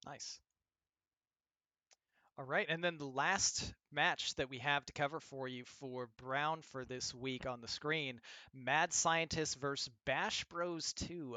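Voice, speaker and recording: A man hosting an esports league stream, chatting casually and rattling off quick promos. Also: mid-range voice, bright, forceful tone, dry recording. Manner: reads rapid-fire sponsor spots quickly and upbeat. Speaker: host of esports league show.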